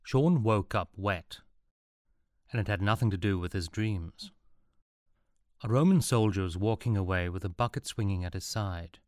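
A man's voice: fairly low pitch, normal speed, pauses often, darkish tone, no echo. A man narrating a comic fantasy story in a dry, wry manner. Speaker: audiobook narrator.

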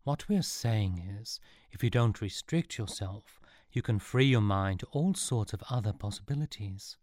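A man voicing a kind but bossy girl who takes charge, firm yet gentle. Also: lowish voice, animated, normal speed, no echo, studio quality, natural voice.

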